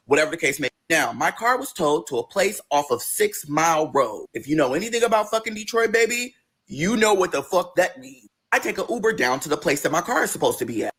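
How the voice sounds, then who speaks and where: Husky young man telling a story. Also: fairly high pitch, brisk. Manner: emotional, profane, animated retelling. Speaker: storytime vlogger. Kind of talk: personal storytelling.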